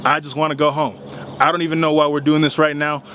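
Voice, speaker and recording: Animated young man telling a story. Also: a little high, quick pace, slight background noise. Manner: animated, retells arguments with rising heat. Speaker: vlogger. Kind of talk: casual storytelling vlog.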